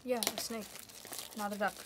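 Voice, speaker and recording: Teasing woman over loud noise. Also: medium pitch, fairly even intonation, moderate pace. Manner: dry, teasing banter. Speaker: co-host of card break. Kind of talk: casual chat. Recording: loud background noise and crinkling.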